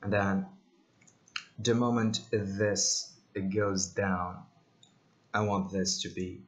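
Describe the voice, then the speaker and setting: Guy mumbling thru an animation tutorial at his desk, lowish voice, lots of ums. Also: fairly even intonation, slow pace. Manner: rambling, thinks aloud with many ums and jokes. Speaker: software tutorial host. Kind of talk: casual screen-recorded tutorial.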